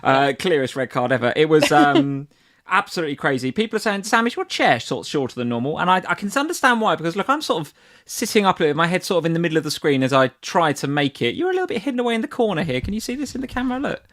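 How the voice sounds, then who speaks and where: Fast-talking man on a stream. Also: a little high, very animated, fairly bright tone. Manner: chatty, reads viewer comments aloud. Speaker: co-host. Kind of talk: casual chat.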